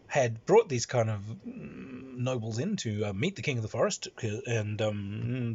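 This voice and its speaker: A man recounts a tabletop campaign as its game master. He rambles, full of ums and chuckles, in a husky voice at middling pitch. The recording sounds dull and lo-fi. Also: darkish tone. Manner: rambling, lots of fillers and chuckles. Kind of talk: anecdotal storytelling.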